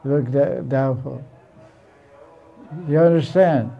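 A man's voice: medium pitch, slow, creaky, muffled recording. A man teaching a Sanskrit class in a blunt, teasing way, often repeating himself. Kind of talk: informal classroom lecture.

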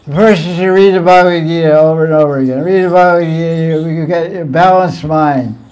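A man with a fairly high voice gives a relaxed spiritual talk. He tells stories playfully and chuckles often as he goes. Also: brisk. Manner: chuckling storyteller, playful asides. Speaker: spiritual teacher. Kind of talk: informal religious talk.

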